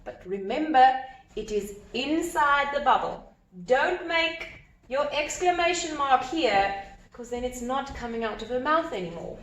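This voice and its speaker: A woman teacher explaining a grammar lesson step by step, animated and repeating key points. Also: high voice, a little slow. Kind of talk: recorded grammar lesson at a whiteboard. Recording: echoey room with faint ambience.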